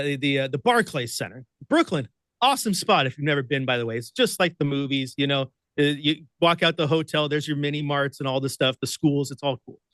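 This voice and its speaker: Bright, high-voiced storytelling man. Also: no echo. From Oregon. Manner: excitable, laughs often, acts out voices in his stories. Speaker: radio producer and host, podcast guest. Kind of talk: animated storytelling.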